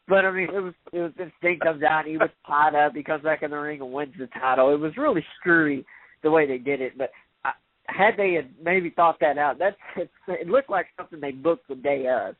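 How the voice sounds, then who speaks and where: Male radio co-host, rambling storyteller, somewhat high voice, dry tinny lo-fi sound. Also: no echo. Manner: rambling, self-correcting storyteller. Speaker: podcast co-host. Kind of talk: casual wrestling talk. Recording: tinny phone-like radio audio.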